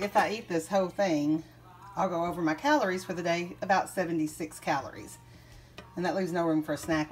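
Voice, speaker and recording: A young woman chatting casually while cooking in her home kitchen, rambling and laughing as she goes. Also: deep voice.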